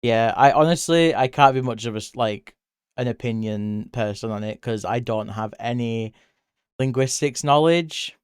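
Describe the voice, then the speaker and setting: A chatty British man rambles through a casual live stream, laughing often, his voice jumping up when excited. His tone is smooth and clear at a middle pitch. The sound is dry and close, with no room echo. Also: normal speed. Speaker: livestreamer.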